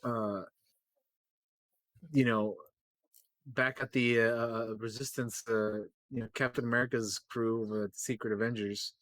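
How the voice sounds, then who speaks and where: This co-host's medium-pitched voice is flat, unhurried and a bit bright, with many pauses, captured in a dry recording. On the podcast he casually recaps comics in a rambling, profane way, full of fillers and acted-out lines.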